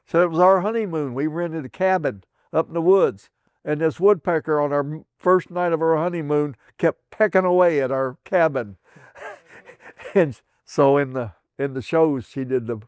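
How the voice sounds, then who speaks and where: With a darkish tone and moderate pace, an older southern Indiana veteran recalls memories for an oral history interview in a rambling way, full of restarts and chuckles. He acts out quoted voices by raising his pitch, and the recording is dry and studio quality.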